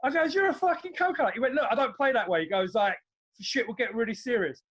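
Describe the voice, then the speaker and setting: A man's voice: very high voice, expressive, quick pace, a bit bright. A man telling a blunt, sweary story in casual podcast talk. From Turkish background. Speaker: podcast co-host.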